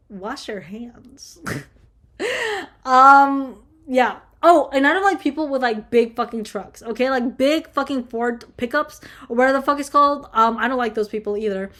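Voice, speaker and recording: High-voiced young woman ranting profanely. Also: fairly bright tone. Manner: profane, heated ranting with constant fillers. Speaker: vlogger answering viewer questions. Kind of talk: casual ranting chat.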